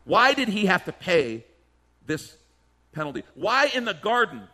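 A man's voice: high-pitched, sing-song, measured pace, sharp tone. A male pastor preaching a sermon emphatically, firing off rhetorical questions and slipping into mimicked voices.

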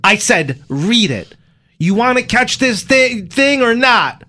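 A man's voice: on the high side, expressive, slow, a bit bright, pitched above the performer's own voice. Man playing a pushy lawman giving orders. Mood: commanding. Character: pushy male lawman chasing a killer.

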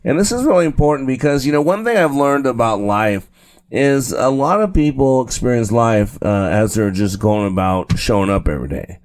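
A man hosting a motivational radio show, talking conversationally with lots of "uh" and "right?", slowing down to stress key phrases. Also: on the low side, a little mellow. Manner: conversational, fillers and frequent tag "right?". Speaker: radio and podcast host. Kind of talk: motivational talk show monologue.

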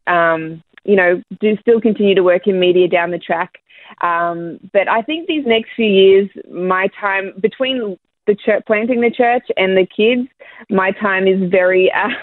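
An Australian woman talking as an interview guest in a frank, lively way with many fillers. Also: mid-range voice, dry recording. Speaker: guest, music artist. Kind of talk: casual interview chat. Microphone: phone line. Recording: tinny phone line.

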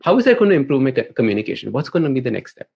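A man's voice: mid-range voice, big pitch swings, racing, gravelly, a little mellow. Conversational male podcast host, dull audio. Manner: conversational, prompting, relates anecdotes. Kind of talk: podcast interview. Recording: dull lo-fi sound.

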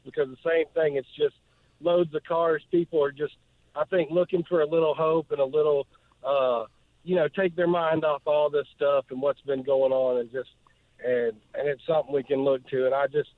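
A man from northeast Georgia, calling in to a radio show and speaking earnestly, with many pauses and fillers. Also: fairly high pitch, steady tone, no room sound. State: emotional. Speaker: caller. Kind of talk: call-in radio chat. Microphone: phone. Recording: tinny phone line, dry.

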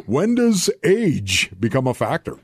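A man's voice: a little high, wildly swooping pitch, measured pace, slightly rough, dry recording, clean studio sound. Blunt male radio co-host. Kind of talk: casual sports radio chat.

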